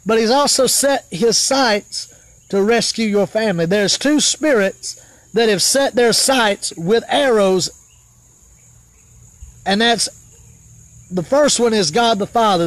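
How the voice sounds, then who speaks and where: A man preaching a live sermon fervently, rising to shouts and dropping to murmured praise in between. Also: extremely high pitch, no room sound.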